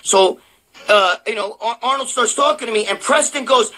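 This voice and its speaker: Loud, profane older man telling stories. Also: very high-pitched, moderate pace. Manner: loud, profane, animated storyteller. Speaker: co-host of a bodybuilding live show. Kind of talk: profane storytelling chat. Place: his sister's house.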